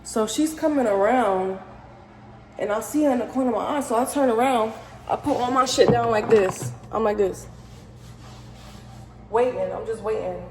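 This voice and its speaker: A young woman with a New York accent telling a profane, animated storytime, full of slang. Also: on the high side, moderate pace, pauses often, echoey room, long reverb tail, music in the background, low-quality recording. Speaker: vlogger. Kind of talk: casual storytime.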